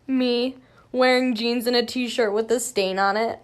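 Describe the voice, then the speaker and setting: A woman's voice: high voice, measured pace. A woman reading funny tweets aloud in a giggly way, laughing through the punchlines.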